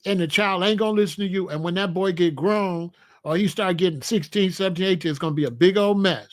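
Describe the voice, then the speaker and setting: Male host, high voice, preachy and repetitive, casual monologue. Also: fast talker. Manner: preachy, repetitive, emphatic advice to men.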